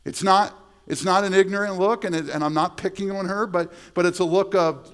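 A man's voice: sits high, steady tone, a little fast, smooth. A middle-aged male pastor preaching a sermon in a conversational way, repeating words and adding asides. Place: church sanctuary.

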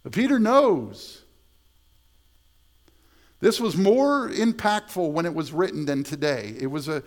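A middle-aged male pastor preaching a sermon in a conversational way, repeating words and adding asides. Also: high-pitched. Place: church sanctuary.

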